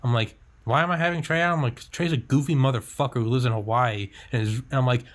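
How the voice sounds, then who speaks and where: A man's voice: medium pitch, expressive, fairly quick, few pauses, a bit bright. A young man hosting a casual podcast chat, talking candidly, swearing freely and acting out his own thoughts. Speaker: podcast host.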